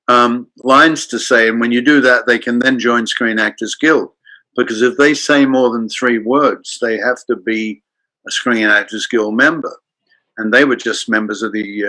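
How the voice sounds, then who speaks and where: An older man from Australia, a guest actor telling anecdotes in an animated way and acting out the voices in his stories. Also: medium pitch, rough recording. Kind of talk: anecdotal storytelling in a chat.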